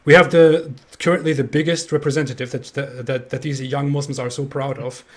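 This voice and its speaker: A man's voice: medium pitch, steady tone, a little fast. A man co-hosting a casual livestream chat, speaking emphatically, repeating words and laughing. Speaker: co-host.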